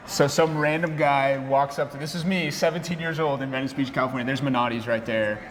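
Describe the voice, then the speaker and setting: Animated young man in an echoey room. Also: mid-range voice, brisk, a little hiss or hum. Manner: animated, slangy, voice jumps up when excited. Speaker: barista and café worker. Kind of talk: casual storytelling chat. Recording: roomy echo with long reverb, faint ambience.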